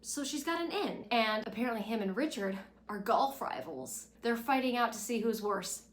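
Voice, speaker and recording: A woman giving a casual recap of a TV episode, sassy and exasperated, her pitch and loudness jumping widely. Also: animated, normal speed, a little hiss or hum. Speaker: TV recap vlogger.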